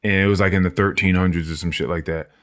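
A man's voice: deep voice, steady tone, fast talker, a bit bright. A man hosting a casual podcast chat, talking in a rambling, profane way with lots of fillers.

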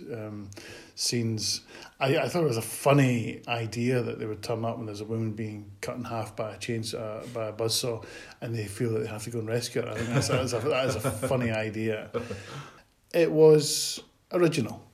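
Man co-hosting with hesitant, wry chat. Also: medium pitch. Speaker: podcast co-host. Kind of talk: casual chat.

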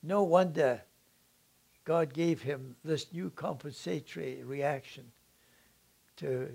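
An older man giving a lecture, telling a life story in a slow, reflective way with frequent pauses and fillers. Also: fairly high pitch, creaky, darkish tone.

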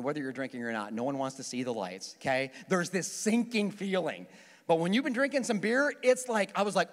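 A middle-aged male pastor preaching a sermon, telling a personal story with lively, animated delivery and acting out his own frantic prayers. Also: high-pitched. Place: church auditorium. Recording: long hall reverb.

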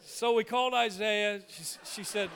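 A male pastor telling a humorous story in a sermon, animated and full of quick restarts. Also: high-pitched, creaky, noisy background.

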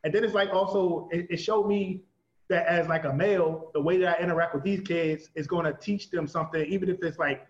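High-voiced fast-talking man, roomy. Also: steady tone. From Washington, DC. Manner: rapid, loose, heavy use of filler "like". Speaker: guest, art teacher. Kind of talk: casual conversation. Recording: roomy, slightly dull sound.

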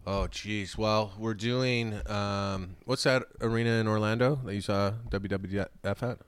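A man's voice: fairly low pitch, fairly even intonation, measured pace, clear, resonant tone. A male guest comedian in casual podcast banter, rambling and hesitant with many fillers.

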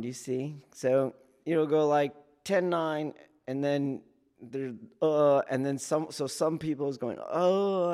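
Man explaining, asking "do you see?". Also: mid-range voice. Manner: keeps checking in with "do you see?"; acts out trainees and yelling officers in sudden loud bursts. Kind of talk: casual teaching talk.

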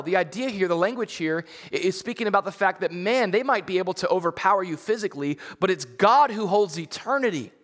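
A pastor giving a sermon in a conversational way, repeating words and building to emphatic, rising peaks. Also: male voice, high-pitched, animated, fast talker, few pauses, fairly bright tone, big-room sound.

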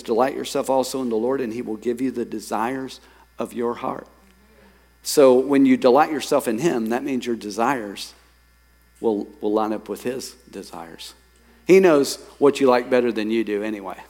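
A man preaching a sermon as pastor, lively, reading scripture and telling stories to his congregation. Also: medium pitch, moderate pace. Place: church sanctuary. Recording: long hall reverb.

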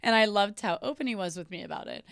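A woman's voice: mid-range voice, fast, a bit bright, clean tone, dry recording. A woman guest on a podcast, telling a story in casual chat, laughing often mid-sentence and leaning on "like.".

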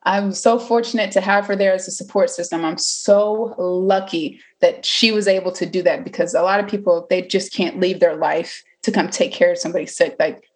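A woman's voice: fairly low pitch, fairly even intonation, normal speed, hardly any pauses. A woman in her twenties candidly telling a personal story, chatty, with many fillers and acted-out quotes. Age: 20s.

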